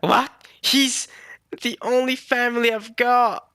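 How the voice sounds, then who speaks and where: A man voicing a tearful young woman from a manga, high and pleading as she begs for her father. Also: fairly even intonation, takes it slowly, sharp tone, no echo, studio quality, heavily acted.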